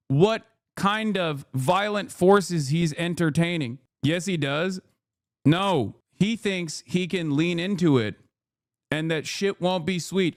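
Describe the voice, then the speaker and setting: A man's voice: a little high, no echo. Profane, exasperated male streamer, dry close sound. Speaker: streamer host. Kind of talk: casual reaction commentary.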